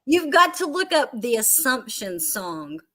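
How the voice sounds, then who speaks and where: A woman's voice: sits high, very animated, measured pace, sharp tone. A woman co-hosting a casual chat, telling a joke in a giggly, rambling way and losing her place. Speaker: podcast co-host.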